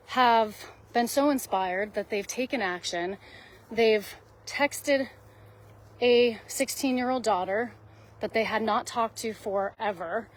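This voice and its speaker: A woman's voice: mid-range voice, slight background noise. Woman host, heartfelt unscripted chat to viewers, rambling with lots of fillers, near tears, mid-range voice. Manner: rambling and earnest, many fillers and restarts. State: close to tears at times. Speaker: host of a live video. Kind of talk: heartfelt casual monologue to viewers.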